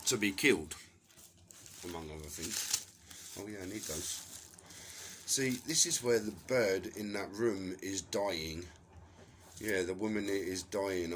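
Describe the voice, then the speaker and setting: A man's voice: fairly low pitch, a little hiss or hum, poor audio. Angry swearing Englishman ranting. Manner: angry, profane, accusatory ranting. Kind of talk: rambling monologue to camera.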